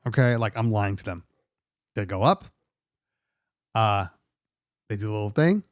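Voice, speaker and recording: A middle-aged man hosting a DJ podcast, telling a story in a casual, animated and exasperated way and swearing freely. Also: lowish voice, moderate pace, pauses often, no echo, studio quality. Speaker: DJ podcast host.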